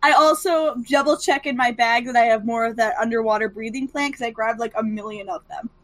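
A playful woman player in a tabletop role-play game who giggles often. Her voice is high. The recording is close and dry. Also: fairly even intonation, a little fast, fairly bright tone, no echo.

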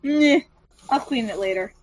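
A playful woman player in a tabletop role-play game who giggles often. Her voice is high. The recording is close and dry. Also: lively intonation, a little slow, no echo.

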